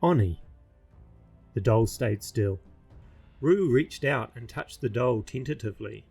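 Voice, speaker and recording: A man with a slightly husky voice narrates a fantasy story at an even, measured pace. His pitch sits in the middle of the male range, and soft music plays behind him. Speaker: narrator reading his own novel.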